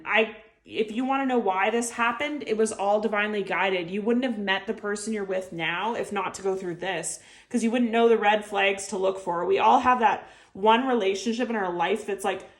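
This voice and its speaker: A woman doing an intuitive tarot reading, speaking earnestly and heartfeltly straight to the viewer, with lots of filler words. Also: mid-range voice. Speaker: tarot reader.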